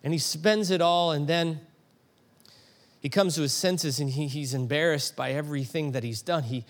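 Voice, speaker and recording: A middle-aged man preaching a sermon, telling a story with animated emphasis that climbs to emphatic peaks. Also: a little high, normal speed. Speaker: pastor.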